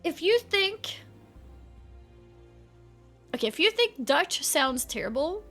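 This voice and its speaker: A woman's voice: extremely high pitch, sing-song, slow pace, pushed and bright, soft background music. A woman chatting casually on a live game stream, reading chat aloud and laughing often.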